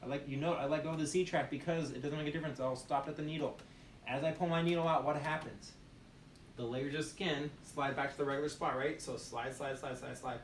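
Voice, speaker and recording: A male nursing instructor, his voice a little high with fairly even intonation, moves at a quick pace through a classroom demonstration lecture, drilling points and quizzing students. Recorded from a distance in an echoey room, there's slight background noise.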